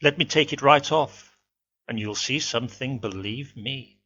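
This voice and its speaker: A man's voice: mid-range voice, measured pace, sharp tone, slightly rough. A man playing a cheerful red-haired young American man with an American accent, brash and enthusiastic, in a dull lo-fi home recording. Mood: eager.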